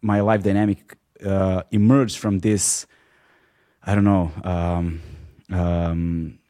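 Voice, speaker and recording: A man interviewing a guest in a casual sit-down chat, talking in a rambling, halting, earnest way. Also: deep voice, level tone, dark tone, clear, resonant tone, no room sound, clean studio sound.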